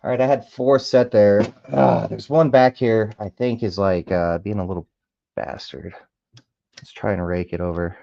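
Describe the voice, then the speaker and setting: A man with a low, gravelly voice talks his way through picking a lock, dropping to mutters and whispers aimed at the pins and swearing when they fight back. The sound is dry and close with no room around it. The audio is a little dull and lo-fi, like a basic camera mic. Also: fairly even intonation, moderate pace, mellow, no room sound. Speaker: hobbyist lock picker. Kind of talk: casual talk-along while lock picking.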